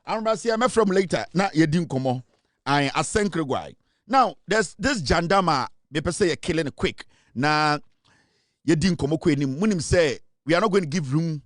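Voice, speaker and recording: A man with a Ghanaian accent giving a forceful political commentary monologue, switching between English and Twi. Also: on the high side, lively intonation, moderate pace, dry recording, clean studio sound.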